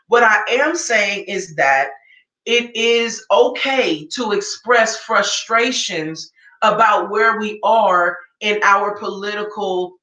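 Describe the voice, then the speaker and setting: A woman's voice: medium pitch, bright, forceful tone. A woman giving a reaction commentary rant, emphatic and informal, firing off rhetorical questions. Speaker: political commentator. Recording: roomy echo.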